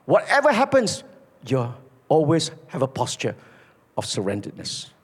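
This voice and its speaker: A man preaching a sermon, telling stories and dropping low and soft on his key points. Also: huge pitch swings, moderate pace, slightly rough. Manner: storytelling, emphatic, drops low for key points. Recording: echoey hall.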